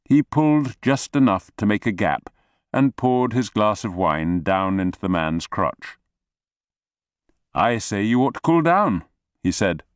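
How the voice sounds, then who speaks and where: Male audiobook narrator, measured delivery, low voice, dry close recording. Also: smooth, no echo. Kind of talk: scripted narration.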